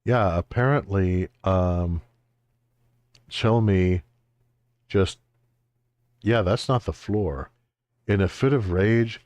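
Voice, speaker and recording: Low, unhurried man joking over a game. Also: a little mellow, dry recording. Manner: wry, joking, exaggerated exclamations. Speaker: game streamer. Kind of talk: let's-play commentary.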